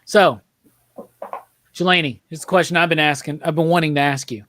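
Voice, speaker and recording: A man hosting a casual movie podcast, talking quickly and laughing, with casual swearing. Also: a little high, fairly even intonation, fairly bright tone. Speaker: podcast host. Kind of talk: casual chat.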